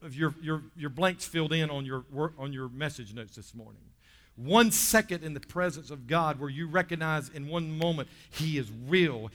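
A male pastor preaching a lively sermon, dropping low and quiet for stories and rising loud to exhort the church. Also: in a large hall. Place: church sanctuary.

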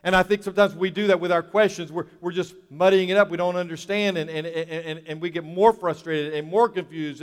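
Male pastor, earnest sermon delivery, slightly high voice, echoey church sound. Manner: earnest, repeats key phrases.

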